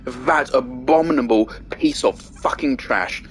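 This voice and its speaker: A man's voice: medium pitch, measured pace, soft background music. A young man giving angry gameplay commentary, ranting and swearing heavily. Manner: furious ranting, heavy swearing. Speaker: gaming video creator.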